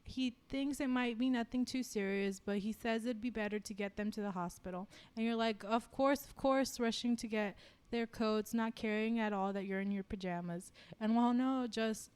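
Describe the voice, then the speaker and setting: A woman co-hosting a podcast, reading fan fiction aloud and chatting in an animated, giggly way. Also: on the high side, normal speed, clean tone. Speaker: podcast co-host.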